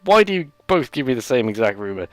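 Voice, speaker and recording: A man at a mid pitch talks over his gameplay with a rambling, sarcastic humor and keeps tossing in jokey asides. His voice sits close and dry on the mic, with no room sound at all. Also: sing-song, quick pace, fairly bright tone, dry recording. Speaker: let's play host. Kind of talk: gameplay commentary.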